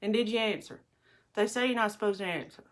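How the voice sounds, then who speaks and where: A middle-aged woman with a mid-range voice talks fast as she does her makeup in her bathroom at home. As a livestream host, she tells her viewers stories in a rambling, chatty way.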